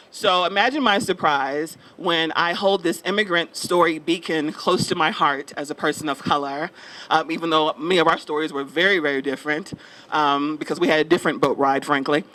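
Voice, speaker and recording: A man's voice: a little high, fairly bright tone, poor audio. A man giving a chatty, playful speech at an outdoor mural dedication, upbeat and joking with the crowd.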